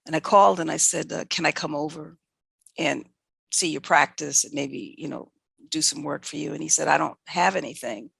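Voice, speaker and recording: Older woman, gravelly, telling stories. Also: low voice, normal speed, no echo. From New York City. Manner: animated, self-correcting anecdotes with quoted dialogue. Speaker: veterinarian guest. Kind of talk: candid conversational storytelling.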